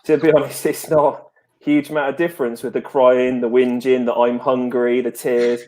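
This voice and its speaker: A man in his thirties co-hosting a live show, relaxed and self-mocking with lots of hesitant fillers. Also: mid-range voice, normal speed. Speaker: co-host. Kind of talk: casual live show chat.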